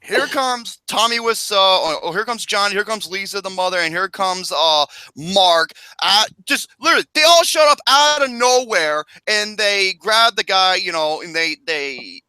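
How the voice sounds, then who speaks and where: A man chats about a film with a bright, forceful voice that swings up and down in pitch. He swears freely, laughs and acts out lines from the movie, recorded close on a dry mic. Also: moderate pace, hardly any pauses, smooth, no echo. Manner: animated, swearing, breaks into laughter, acts out quotes. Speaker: podcast co-host. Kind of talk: casual movie review chat.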